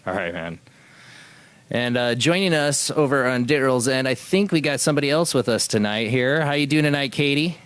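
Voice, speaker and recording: The recording is dry and clean as this American host of a call-in spirit-box live stream chats at a moderate pace. His mid-range voice is expressive and a bit bright, and he laughs a lot, stays friendly, and stumbles over the starts of his sentences.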